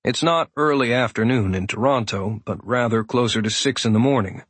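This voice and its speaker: A man giving steady first-person audiobook narration. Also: mid-range voice, moderate pace, hardly any pauses, breathy edge, no room sound.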